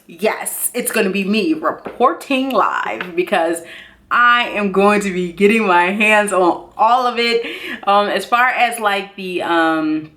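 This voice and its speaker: A woman chatting casually through a candle haul review, excitable and talkative, jumping up high when she gushes. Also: slow. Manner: chatty and excitable, says y'all, jumps high in pitch when gushing. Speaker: beauty and candle vlogger.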